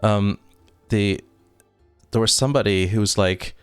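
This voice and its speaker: A man's voice: on the low side, measured pace, clean tone, dry recording, faint music behind. A man from Germany, a native German speaker, chatting casually on a live stream, reading viewer comments aloud and rambling self-deprecatingly with frequent chuckles. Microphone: desk microphone.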